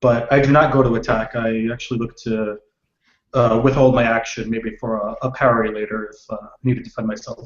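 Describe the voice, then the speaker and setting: A man's voice: medium pitch, level tone, fairly quick. A man playing a tabletop game, describing his character's actions hesitantly, often restarting. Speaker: player. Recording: echoey, muffled lo-fi room.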